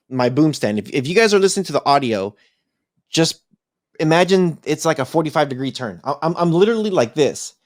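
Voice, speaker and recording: A man's voice: fairly high pitch, dry recording, clean studio sound. Man telling a story casually on a podcast. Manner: animated, acts out voices in his story. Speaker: podcast co-host.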